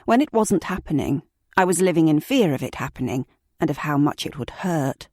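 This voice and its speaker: A woman narrating a first-person true crime audiobook in a slow, measured, sombre reading on a close mic. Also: deep voice, expressive, darkish tone, dry recording.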